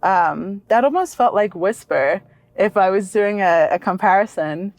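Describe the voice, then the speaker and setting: A woman co-hosting a car review vlog, chatting casually and excitedly, laughing easily, from inside a vehicle and beside it. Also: medium pitch, unhurried, dry recording. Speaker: vlog co-host.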